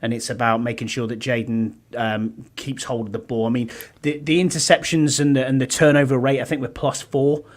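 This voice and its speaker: A man on a casual sports podcast, giving a measured, cautious preview of an upcoming game. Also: mid-range voice, little pitch movement. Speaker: podcast guest analyst.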